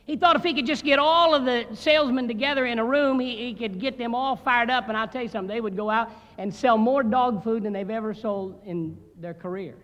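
A man's voice: very high-pitched, a little fast, few pauses, fairly bright tone. A man preaching as a guest speaker in a seminary chapel, a folksy storyteller who jokes with the crowd. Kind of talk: sermon. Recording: long hall reverb.

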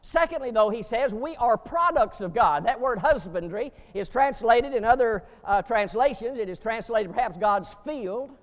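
A man preaching a sermon to seminary students, emphatic, with sudden rising bursts and slow stressed words. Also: very high-pitched, lively intonation, big-room sound.

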